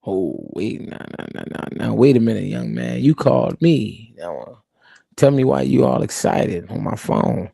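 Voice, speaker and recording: A man imitating a calm, well-connected older boss who talks slowly and lectures soothingly. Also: medium pitch, gravelly, husky, dry recording, clean studio sound, pitched below the performer's own voice. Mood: calm lecturing. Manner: slow, soothing, lecturing drawl.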